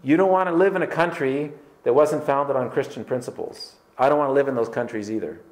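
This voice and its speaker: A man's voice: medium pitch, brisk. A man preaching a sermon as pastor, emphatic and conversational, firing rhetorical questions at his congregation. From Canada. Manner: conversational with filler words.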